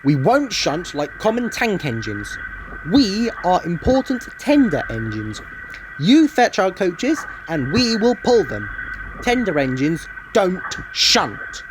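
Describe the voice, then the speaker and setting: A man voicing a rude, proud male tender engine in a storybook reading, speaking slowly and haughtily. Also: high voice, huge pitch swings, voice pushed up, heavily acted. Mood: haughty. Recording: noisy home recording.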